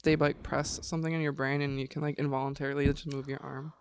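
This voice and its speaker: A woman's voice: extremely low pitch, level tone, fast talker, darkish tone, smooth, dry recording, clean studio sound. A woman co-hosting a podcast in casual chat, talking loosely and trailing off mid-sentence. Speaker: podcast co-host.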